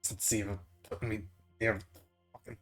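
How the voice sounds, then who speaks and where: A player voicing Danny, a tall grumpy man, in a put-on Scottish accent, loud and swearing with exasperation. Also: medium pitch, little pitch movement, measured pace, faint music behind, voice pushed down. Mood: grumbling.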